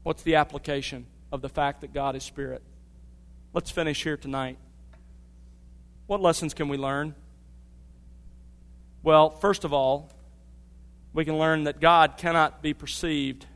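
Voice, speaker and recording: A man's voice: on the high side, steady tone, a little slow, pauses often, a bit bright, clean tone. A middle-aged man preaching a sermon, teaching earnestly and telling family stories. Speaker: pastor. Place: church sanctuary. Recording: long reverb of a church hall.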